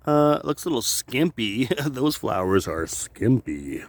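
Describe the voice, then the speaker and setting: A man rambling through a loose, profane solo monologue, cracking himself up as he goes. His pitch swings widely and lively. The sound is dry and close to the mic. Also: moderate pace, few pauses, dry recording. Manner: joking, profane, laughs often. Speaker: vlogger.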